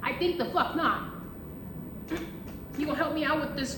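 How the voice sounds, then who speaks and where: Brief: high-voiced woman, tarot reader, blunt and profane, echoey room. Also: normal speed, pauses often. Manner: blunt, profane, animated storytelling. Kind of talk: casual profane monologue. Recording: echoey room with faint noise.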